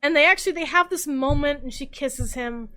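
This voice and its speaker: Woman, podcast host, tipsy, animated, swearing, laughing, high bright voice. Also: fairly quick, rough recording. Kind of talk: casual comic storytelling podcast.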